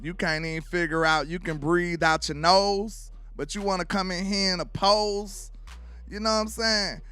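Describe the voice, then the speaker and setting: A man's voice: sits high, fairly even intonation, normal speed, sharp tone. A man from Alabama with a Southern accent hosts casual sports commentary, loose and trash-talking, forever asking if you know what he's saying.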